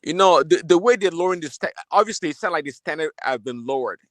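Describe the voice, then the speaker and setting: A man with a fairly high voice asks probing questions on a discussion panel, with hesitant fillers between his points. The sound is dry and close. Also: lively intonation, fast talker, a bit bright, dry recording.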